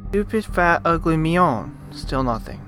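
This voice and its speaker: A man hosting a let's play, reading a visual novel's narration aloud and breaking off into animated, joking rants. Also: fairly high pitch, a little slow, over music. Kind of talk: reading game text aloud with commentary.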